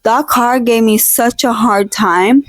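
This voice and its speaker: Young woman, casual vlog chat, rambling and jokey, slightly high voice, dry close mic. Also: takes it slowly, no echo. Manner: rambling and jokey, with fillers and teasing fake-outs. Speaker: vlogger. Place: at home, in her decorated room. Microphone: own desk mic, held close.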